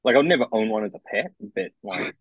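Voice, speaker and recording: A young Australian musician being interviewed, talking casually and hesitantly, with many restarts and fillers. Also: male voice, medium pitch, lively intonation, racing, slightly rough, no room sound. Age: young adult. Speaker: musician guest. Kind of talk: casual chat. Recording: dull, lo-fi dry recording.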